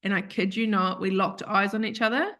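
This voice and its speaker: A woman's voice: mid-range voice, a little fast. Chatty woman telling a story. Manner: chatty, animated, acts out quoted voices, laughs often. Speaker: guest. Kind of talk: casual storytelling.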